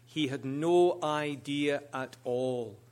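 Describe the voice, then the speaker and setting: A man preaching as a guest minister, speaking in measured, deliberate short phrases. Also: a little high, a little mellow. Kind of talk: sermon.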